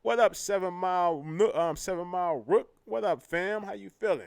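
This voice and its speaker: A man's voice: sits high, moderate pace, vocal fry, clear, resonant tone, dry recording. A man hosting a live talk show, brash and profane, trash-talking and boasting. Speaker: host.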